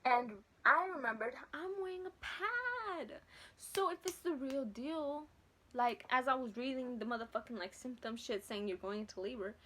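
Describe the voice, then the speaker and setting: Brief: young female vlogger, high-pitched, swearing, chatty and animated. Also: normal speed, slight background noise. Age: late teens to early 20s. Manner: profane, slangy, animated retelling. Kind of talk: casual storytelling to camera.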